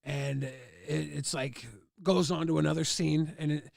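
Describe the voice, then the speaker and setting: Male streamer, high gravelly voice, dry close sound, rambling crude storyteller. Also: steady tone, a little slow, darkish tone, dry recording. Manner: rambling crude anecdotes with many "like" fillers; acts out others' lines in raised voices. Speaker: livestream host. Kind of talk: casual storytelling.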